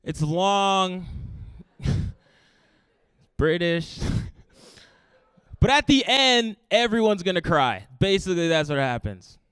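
A man with a high, smooth voice tells a comic story on stage, animated and acting out every quoted line with sudden jumps in pitch and loudness. The sound is dry and close, with little room in it. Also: takes it slowly, long pauses, dry recording. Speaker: stand-up comedian. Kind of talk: stand-up storytelling.

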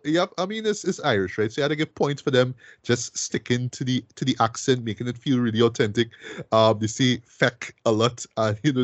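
A man's voice: mid-range voice, no room sound. Male podcast host, eager casual film review, dry close sound, mid voice. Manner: enthusiastic, many fillers like "right?" and "boy".

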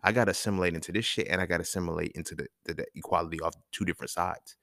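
A man's voice: sits low, steady tone, racing, gravelly, bright, forceful tone, dry recording, studio quality. A man hosting a podcast, talking in a casual, emphatic and profane monologue, chuckling between points. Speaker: podcast host.

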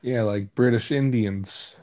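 A man's voice: medium pitch, takes it slowly, dark tone. An American man in casual chat, cracking crude, blunt jokes and swearing freely. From United States. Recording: dull lo-fi audio.

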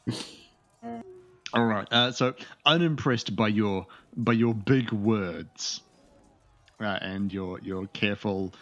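A man running a tabletop game as game master, talking quickly with halting restarts and frequent laughs. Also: fairly low pitch, a bit bright, dull audio, soft background music.

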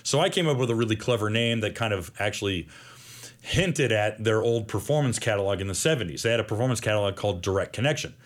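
A man's voice: fairly low pitch, fast talker. A man who publishes a magazine, telling stories as a podcast guest and acting out the voices of the people in them. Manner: lively storyteller acting out quoted voices. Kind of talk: storytelling interview chat.

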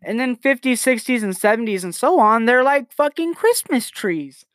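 A man's voice: extremely high pitch, lively intonation, normal speed, a bit bright, dry recording, clean studio sound, pitched above the performer's own voice. A young man voicing a middle-aged mother delivering a crude joke's punchline. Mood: matter-of-fact. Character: middle-aged mom explaining crude stages.

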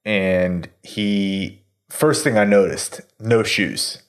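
A man's voice: on the low side, extremely slow. A man in his thirties telling a story in casual chat, rambling with lots of fillers and swearing. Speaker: podcast host telling a story.

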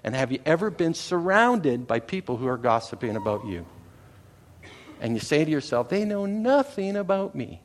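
A middle-aged Canadian man preaching a sermon in a conversational way. He often repeats words and checks in with the congregation. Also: mid-range voice. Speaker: pastor.

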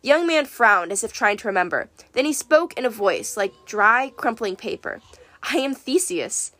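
A woman narrating a first-person story in a wry, lively way. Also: medium pitch, moderate pace. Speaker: audiobook narrator.

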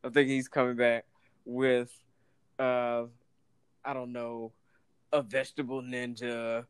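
A man's voice: mid-range voice, measured pace, clear, resonant tone, no room sound. A man, casually telling a story, acting out the people in it and laughing often. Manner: animated, acts out voices in anecdotes, laughs often.

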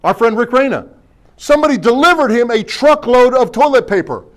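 A middle-aged male pastor with a fairly high voice, preaching in a folksy, joking way. He keeps asking the congregation questions and punctuating his points with amens. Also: animated, a little fast. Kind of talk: sermon.

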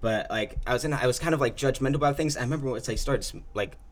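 A man's voice: medium pitch, fast talker. A young man in casual chat, rambling with many fillers and laughing often.

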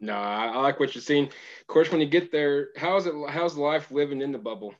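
Halting male interviewer, dull lo-fi sound. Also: a little high. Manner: relaxed, halting, lots of fillers. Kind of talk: casual interview.

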